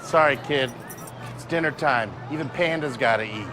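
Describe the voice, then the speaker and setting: An actor playing a harried, blunt pizza parlor worker who brushes off complaints and barks orders. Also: male voice, mid-range voice, moderate pace, close to an everyday voice. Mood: brusque. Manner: brusque, dismissive, ordering people about. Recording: film audio under loud music.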